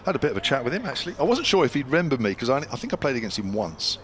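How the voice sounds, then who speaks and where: A man's voice: medium pitch, big pitch swings, rapid-fire, a little hiss or hum. An older English man commentating on cricket ball by ball, a former county player telling anecdotes between deliveries with a chatty storyteller's manner.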